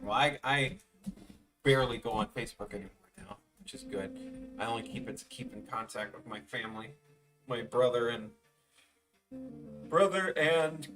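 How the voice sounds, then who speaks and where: Drawing on a live stream, the young animator chats casually, telling rambling stories laced with profanity and mimicking others. His mid-range voice is fairly quick and fairly bright, with fairly even intonation. He's slightly far from the mic, with soft music in the background.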